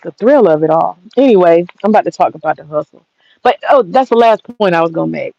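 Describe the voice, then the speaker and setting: A woman's voice: on the low side, lively intonation, quick pace, vocal fry, warm tone, dry recording, lo-fi sound. A woman vlogger in her garden rants bluntly and profanely at her viewers. She rambles and speaks straight to them. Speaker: vlogger giving commentary. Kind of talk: casual rant to viewers. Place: outdoor garden.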